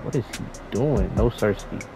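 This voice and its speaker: A young man giving slangy, excitable trash-talk commentary over his own basketball video game play. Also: on the low side, moderate pace, music in the background, poor audio. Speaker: gaming YouTuber. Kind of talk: live gameplay commentary.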